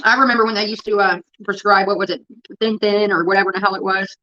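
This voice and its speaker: A woman's voice: medium pitch, steady tone, fast, bright, forceful tone, dull audio. A woman livestreaming, telling a rambling, profane story in a casual chat that keeps getting sidetracked.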